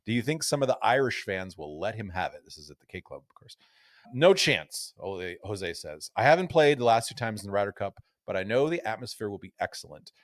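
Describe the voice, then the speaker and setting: A man's voice: fairly low pitch, very animated, fairly quick, dry recording. Man on a podcast, dry sound. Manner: reads newspaper quotes aloud in a storytelling way. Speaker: podcast co-host. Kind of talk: casual golf podcast chat.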